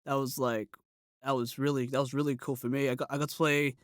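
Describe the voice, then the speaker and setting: A man from New Zealand with a mid-pitched voice, chatting as a guest in an easygoing, encouraging way with a joking streak. The recording is dry and close, with no room sound. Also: little pitch movement, fast talker, no room sound. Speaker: guest voice actor. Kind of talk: casual interview chat.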